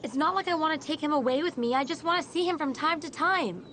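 A woman's voice: high voice, quick pace, fairly bright tone, a little hiss or hum. An actress playing a desperate birth mother fighting to see her young son, urgent and pleading in a dubbed drama.

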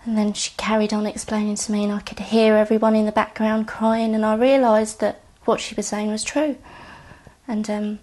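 A woman giving halting, quiet testimony about her brother, often dropping near a whisper and close to tears. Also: medium pitch, flat delivery. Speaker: bereaved sister giving testimony. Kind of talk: recounted personal testimony.

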